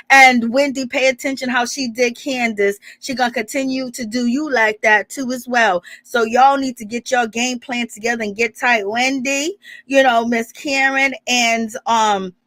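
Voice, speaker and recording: A woman's voice: fairly high pitch, bright, forceful tone, no room sound. A woman giving casual, sassy gossip commentary as a reality TV recap vlogger, chatty and full of rhetorical questions.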